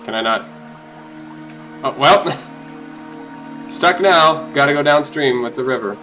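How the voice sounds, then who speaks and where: A man giving casual, jokey commentary while playing a game, often gushing in a high voice. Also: slow, soft background music, low-quality recording. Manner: excitable and jokey, jumps to high-pitched gushing. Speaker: let's play host.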